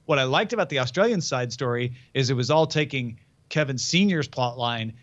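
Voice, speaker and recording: A man's voice: mid-range voice, animated, brisk, fairly bright tone. Chatty man with a lo-fi sound. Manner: chatty, reads listener mail aloud. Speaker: podcast co-host. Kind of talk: casual chat about TV episodes.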